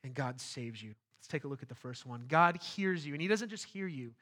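A middle-aged man preaching a sermon as pastor, earnest and emphatic, slowing down to stress key phrases. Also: mid-range voice, lively intonation, sharp tone.

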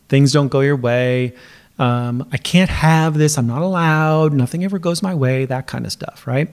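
A middle-aged man hosting his own podcast as a coach, talking casually and laughing now and then. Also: mid-range voice. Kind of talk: casual solo podcast talk.

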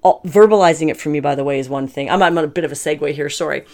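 A woman's voice: deep voice, rapid-fire, darkish tone. A middle-aged woman giving a casual motivational talk to camera, candid and chatty, laughing often as she goes. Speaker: self-help vlogger.

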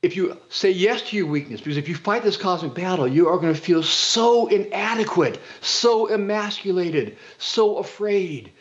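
A man's voice: high-pitched, lively intonation, moderate pace, few pauses. A man speaking as a guest on a faith show, fervent and preacherly, driving his points home by repeating phrases. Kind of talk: impassioned religious talk. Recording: dull lo-fi audio.

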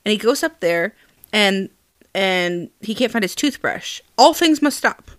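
A woman's voice: medium pitch, lively intonation, unhurried, no echo, clean studio sound. A woman co-host in casual chat, chiming in to back up the story. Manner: chiming in, agreeing.

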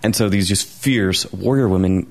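A man's voice: low-pitched, moderate pace. A man in a casual film chat, explaining things at length with many restarts.

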